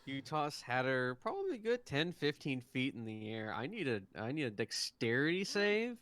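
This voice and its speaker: Male game master, resonant and clear, halting narration full of pauses. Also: mid-range voice, sing-song, a bit bright. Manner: hesitant, many ums and restarts.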